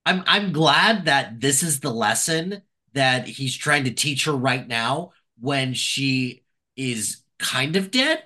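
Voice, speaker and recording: A man's voice: mid-range voice, lively intonation, slow, bright, forceful tone. A man co-hosting a podcast, giving wry, sarcastic remarks in casual chat. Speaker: podcast co-host.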